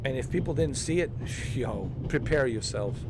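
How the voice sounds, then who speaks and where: A man chatting casually during a game walkthrough, excitable and rambling, often swearing. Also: mid-range voice, normal speed, background noise. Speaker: gaming streamer.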